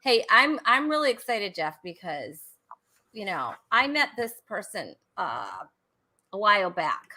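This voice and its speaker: A woman's voice: medium pitch, big pitch swings, a little slow, pushed and bright. A middle-aged woman hosting a live talk show on a video call, friendly and hesitant, with plenty of fillers.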